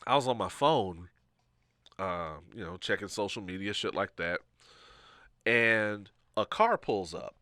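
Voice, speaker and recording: A man co-hosting a podcast, telling a story in a casual, animated way and acting out the people he quotes. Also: fairly low pitch, measured pace, dry recording, clean studio sound. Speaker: podcast co-host.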